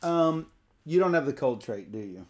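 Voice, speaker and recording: A man's voice: fairly high pitch, expressive, normal speed, darkish tone. A playful man co-hosting a tabletop card game playthrough, reading card text aloud and laughing often. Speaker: co-host teaching a card game.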